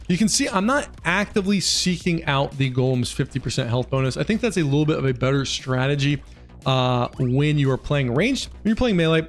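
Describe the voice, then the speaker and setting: A man casually talking through a game build as a guide host, quick and chatty with frequent fillers. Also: medium pitch. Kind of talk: casual gameplay commentary. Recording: faint music behind voice.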